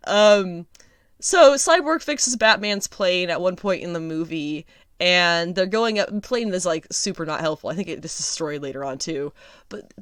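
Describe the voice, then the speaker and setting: A woman hosting a casual solo review podcast, chatty and sarcastic, laughing often and filling pauses with ums. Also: lowish voice, no room sound, studio quality. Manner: chatty, lots of ums and restarts. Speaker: podcast host.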